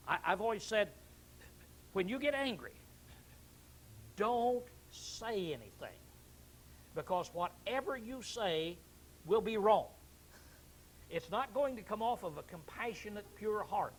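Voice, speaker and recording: Lively high-pitched male preacher. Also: slight background noise, poor audio. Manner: animated, acts out angry outbursts, clears throat often. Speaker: pastor. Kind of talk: sermon.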